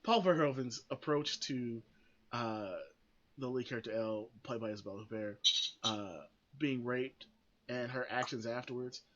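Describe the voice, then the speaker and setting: A man's voice: medium pitch, moderate pace, highs cut off, a little hiss or hum. A man hosting a podcast, giving blunt, opinionated commentary that rambles with frequent restarts and free swearing. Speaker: podcast host.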